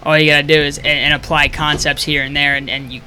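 Bright-voiced eager young man. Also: fairly high pitch, little pitch movement, fast talker, slight background noise. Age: young adult. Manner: eager, upbeat, repeats words. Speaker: camp counselor, new teacher. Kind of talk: casual interview chat.

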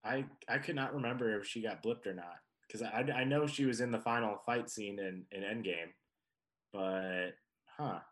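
Low-voiced man, brief hesitant replies. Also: normal speed, fairly bright tone. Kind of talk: casual chat.

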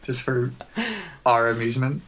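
A man's voice: mid-range voice, moderate pace, poor audio. A man co-hosting a skateboarding podcast in casual, sweary banter. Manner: sweary, laughing, relaxed banter. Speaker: podcast co-host. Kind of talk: casual chat. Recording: remote call recording.

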